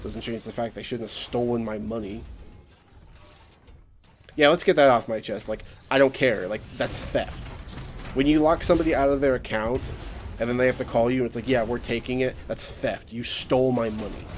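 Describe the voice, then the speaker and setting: A young man ranting to his camera in a casual vlog, his voice sitting at an ordinary middle pitch. He sounds exasperated and sarcastic, and he slips into mocking voices whenever he quotes someone. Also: normal speed, a little hiss or hum. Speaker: vlogger. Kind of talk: casual rant.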